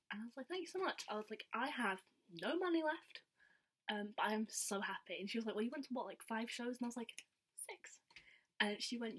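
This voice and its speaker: A young woman telling a story in a casual, excited, chatty vlog style, full of "like" fillers. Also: medium pitch. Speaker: vlogger.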